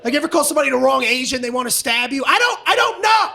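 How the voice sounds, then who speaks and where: A male stand-up comedian with a very high-pitched voice, ranting in a brash, profane style. He works the room on a stage mic with clear audience noise behind him. The set is loose and combative. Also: very animated, rapid-fire, crowd noise.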